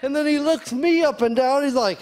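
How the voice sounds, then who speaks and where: Stand-up comic, man, very high voice, relaxed storyteller, laughing audience behind. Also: fairly quick, some chatter behind. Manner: laid-back storytelling with punchy quoted voices. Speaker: stand-up comedian. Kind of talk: stand-up routine. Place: studio stage before a live audience. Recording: live stage mic with loud audience.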